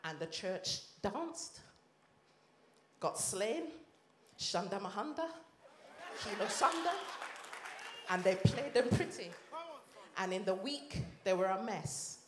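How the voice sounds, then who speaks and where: A woman's voice: mid-range voice, lively intonation, slow pace, long pauses, some chatter behind. Impassioned Yorkshire woman preaching in echoey hall. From Leeds, England. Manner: impassioned, rises and drops sharply in volume. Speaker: minister. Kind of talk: sermon testimony. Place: church or conference hall.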